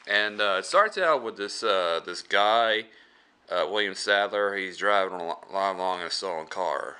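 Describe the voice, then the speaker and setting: A man's voice: low-pitched, lively intonation, a little slow, bright, forceful tone, clear, resonant tone. A man giving a casual movie review, rambling with many fillers and restarts.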